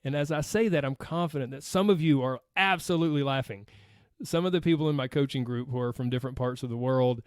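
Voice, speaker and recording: A man's voice: mid-range voice, fast talker, no echo, studio quality. A man with a Southern US accent hosting a weight loss podcast, chatting casually and reading listener posts aloud with a friendly laugh.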